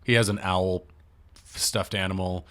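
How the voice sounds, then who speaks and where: Guy with a lowish voice chatting loosely on a movie podcast, swears now and then. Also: steady tone, a little slow, a bit bright. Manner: rambling, conversational, profane asides. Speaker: podcast co-host. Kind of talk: casual film discussion.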